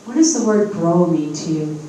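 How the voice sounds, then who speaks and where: A woman's voice: on the low side, animated, normal speed, mellow, slight background noise. Woman, fifties, spiritual medium, live workshop, encouraging, emphatic, checks in with audience, distant mic, very echoey hotel event room.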